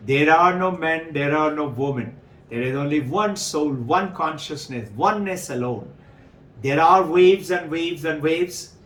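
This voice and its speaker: A man's voice: fairly high pitch, unhurried, slight background noise. A man giving a storytelling talk as a spiritual teacher to devotees. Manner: storytelling, animated, chuckling. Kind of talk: sermon to devotees. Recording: roomy, distant mic.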